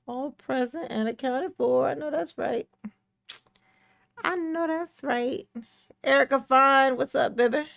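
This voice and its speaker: A woman's voice: sits high, unhurried, creaky, long pauses, fairly bright tone. A woman hosting a casual livestream, playfully greeting chat viewers by name and breaking into bits of song. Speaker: livestream host.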